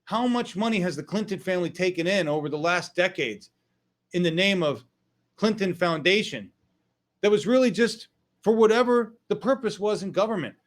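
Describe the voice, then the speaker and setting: Angry, high-voiced ranting male host. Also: lively intonation, moderate pace. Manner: angry, profane, emphatic outbursts. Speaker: online political show host. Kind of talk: political rant.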